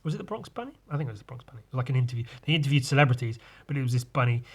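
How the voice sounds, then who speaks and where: A man's voice: mid-range voice, lively intonation, rapid-fire, few pauses, husky. A man hosting a solo podcast, tipsy from drinking and rambling loosely, often trailing off and restarting. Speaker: podcast host. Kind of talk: rambling casual monologue.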